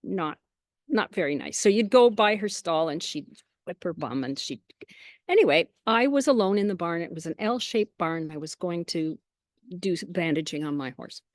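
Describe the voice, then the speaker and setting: A woman chatting as an interview guest, telling lively anecdotes with quoted asides and frequent small laughs. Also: on the low side, normal speed, no room sound, clean studio sound. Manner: laughs often between phrases. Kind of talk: casual storytelling.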